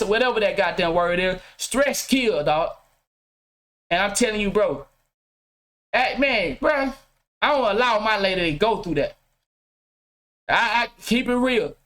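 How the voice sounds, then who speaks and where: Middle-aged man, high voice, blunt preachy vlog rant from his home game room, swears a lot. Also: fairly bright tone. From Mississippi. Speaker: vlogger. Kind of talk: casual profane rant to camera.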